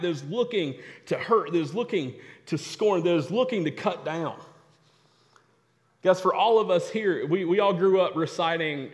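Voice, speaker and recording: A young adult man preaching a sermon, telling stories and repeating phrases for emphasis. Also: a little high. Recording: long hall reverb.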